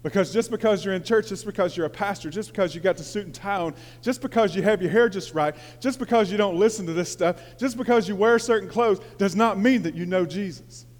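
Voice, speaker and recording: A man, his voice sitting high for a man. He tells stories, dropping to quiet confiding tones and rising to loud, excited preaching. The sound carries a long reverb from a church hall. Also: a little fast, hardly any pauses. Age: 40s. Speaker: pastor. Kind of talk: sermon.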